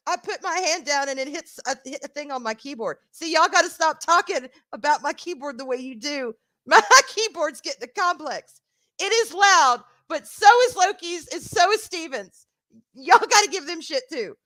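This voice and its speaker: A middle-aged Southern woman with a Southern accent chats warmly and casually with her stream audience, laughing a lot and swearing occasionally. Her voice sits high with lively intonation, and she talks at a normal speed.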